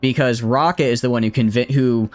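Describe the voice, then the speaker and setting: A man's voice: mid-range voice, fairly even intonation, brisk, dry recording, soft background music. A man with a Southern US accent, a game streamer talking playfully and teasingly to his chat while he plays. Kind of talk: casual live-stream chat.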